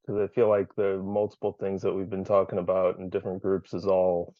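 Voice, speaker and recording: Man in a support group, low voice, candid and profane, sharing over a dull dry video call line. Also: monotone, a little fast, no room sound. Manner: candid, swears freely, searching aloud.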